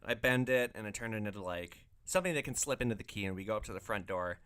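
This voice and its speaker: A man's voice: fairly low pitch, fast talker, a bit bright, clear, resonant tone. A man hosting a podcast, telling stories casually with loose, profane phrasing and lots of filler words. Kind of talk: casual storytelling.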